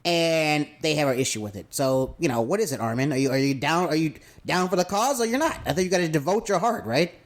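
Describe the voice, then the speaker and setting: Southern dude on an anime review pod, super expressive voice, slangy, keeps acting out the scenes. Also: male voice, on the high side, fast, hardly any pauses. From American South. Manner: animated, slangy, acts out characters' lines. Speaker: podcast co-host. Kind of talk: casual anime review chat.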